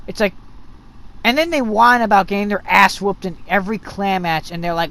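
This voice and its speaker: A gaming channel host giving an unscripted, profane rant that rambles with restarts. The host now and then mocks others in shrill put-on voices. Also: normal speed, fairly bright tone.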